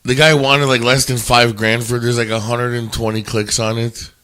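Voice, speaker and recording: A man hosting a casual podcast chat, telling animated stories full of swearing and stammered restarts. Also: mid-range voice, normal speed. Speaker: podcast host.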